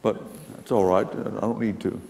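A man's voice: fairly low pitch, steady tone, normal speed, creaky, warm tone, big-room sound, a little hiss or hum. An older man telling a personal testimony to an audience in a folksy, rambling storytelling way. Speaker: speaker giving a testimony.

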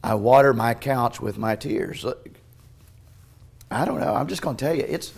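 A male pastor preaching a sermon in a church, swinging between hushed, tender passages and loud, urgent ones, with frequent restarts. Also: medium pitch, expressive, normal speed, vocal fry, slightly rough. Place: church sanctuary.

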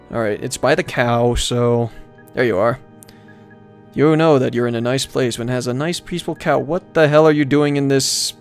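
A man giving casual, joking live commentary while streaming a game, rambling and swearing now and then. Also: mid-range voice. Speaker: let's-play streamer.

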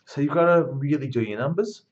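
A man's voice: a little high, brisk, darkish tone, muffled recording, a little hiss or hum. Blunt, emphatic male lecturer. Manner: conversational, emphatic, blunt asides. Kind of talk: recorded university lecture.

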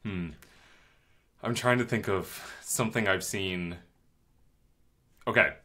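A male podcast co-host in easygoing casual chat. His voice is very low and deep. It has a bright, forceful edge. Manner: easygoing, agreeable, quick to laugh.

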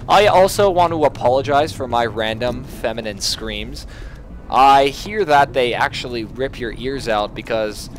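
A man's voice: medium pitch, a little hiss or hum. A young man hosting a gameplay video, giving playful, self-mocking commentary as he plays.

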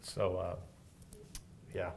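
A man's voice: low-pitched, completely flat delivery, extremely slow, gravelly. A middle-aged man giving casual interview answers, thoughtful and hesitant, often restarting his sentences. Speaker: rock guitarist guest.

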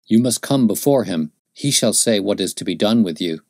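A man's voice: fairly low pitch, animated, normal speed, a little mellow, no room sound, clean studio sound. A man voicing a stern, zealous young male pilgrim in an audiobook, speaking in a fervent, solemn preaching tone. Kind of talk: audiobook character voice.

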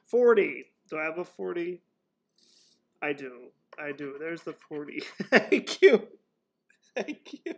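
A man scratching lottery tickets at home, chatting casually and dissolving into giggles. His voice sits fairly high and swings widely in pitch. He talks at an unhurried, slow pace. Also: lively intonation, a little hiss or hum. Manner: giggly, keeps breaking into helpless laughter.

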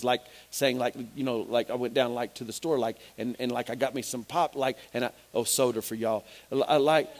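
High-voiced preaching man. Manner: repetitive, emphatic preaching with stammered restarts. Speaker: pastor. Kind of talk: sermon.

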